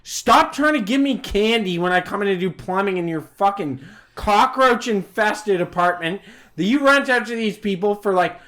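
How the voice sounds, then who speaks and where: Brief: male podcast co-host, crude and profane, lively ranting. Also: high-pitched, normal speed. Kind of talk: casual chat.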